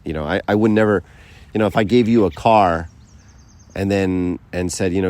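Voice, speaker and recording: Man, very low voice, casual teaching talk to a group, acts out quotes, checks in with "right?". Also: fairly even intonation, normal speed, darkish tone. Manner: conversational, many fillers and asides like "right?"; tells stories by acting out quotes. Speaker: speaker giving a faith talk.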